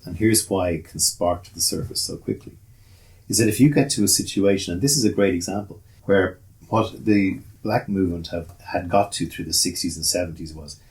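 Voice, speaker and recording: A man's voice: sits low, brisk, a little mellow. An older Irish man talking in a casual chat as a guest, rambling with restarts and repeated words. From Ireland.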